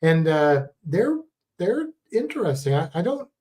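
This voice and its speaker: A man co-hosts a relaxed livestream, talking in a loose, rambling way and often correcting himself mid-sentence. His voice has a soft, mellow warmth. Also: a little high, unhurried. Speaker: livestream co-host. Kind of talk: casual chat.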